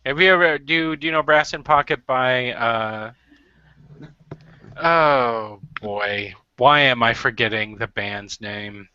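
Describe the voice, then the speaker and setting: Bright-voiced man hosting a chat. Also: mid-range voice, takes it slowly, smooth, dry recording. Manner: rambling, joking, reads viewer questions. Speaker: hangout host. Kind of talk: casual group video chat. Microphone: video call mic. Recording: slightly muffled lo-fi call audio.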